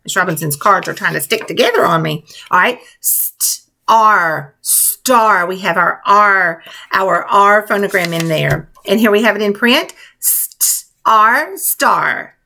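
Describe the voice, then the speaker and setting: A woman teacher leading a spelling lesson for young children, spelling words out letter by letter in a slow, clear, encouraging way. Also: medium pitch, lively intonation, pushed and bright, slight background noise.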